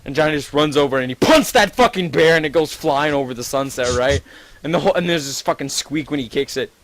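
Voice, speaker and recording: A man's voice: on the high side, expressive, quick pace, dry recording, low-quality recording. Man spinning a rambling gross-out story. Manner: rambling, profane, gleefully gross, many "like"s. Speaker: storyteller among friends. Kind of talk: improvised absurd story to a friend.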